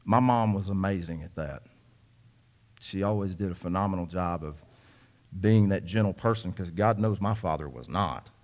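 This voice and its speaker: A man's voice: low-pitched, moderate pace, a little mellow. A young man preaching a sermon, telling a folksy story with many repeats and asides to the congregation. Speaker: pastor.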